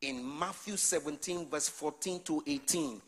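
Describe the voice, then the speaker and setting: A man preaching a sermon, calling on the congregation to answer him and building up to shouts. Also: fairly high pitch, measured pace, slightly rough. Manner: call-and-response preaching, swelling to shouts.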